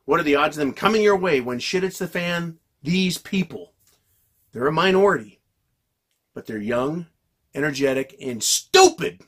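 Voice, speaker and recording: A man delivering a heated, profanity-laced monologue to his viewers, yelling and venting. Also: fairly high pitch, expressive, moderate pace, pauses often, slightly rough. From United States. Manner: yells and vents angrily, heavy swearing. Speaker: political commentary vlogger.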